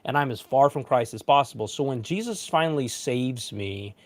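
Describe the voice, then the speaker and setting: A man in his thirties, a pastor, tells a personal story on a casual panel in a mid-range voice at a moderate pace. He's an animated storyteller who voices the quotes.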